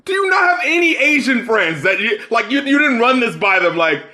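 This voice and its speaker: High, lively man ranting on a podcast. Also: brisk. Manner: heated, profane, rising to shouts. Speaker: podcast co-host. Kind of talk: casual chat.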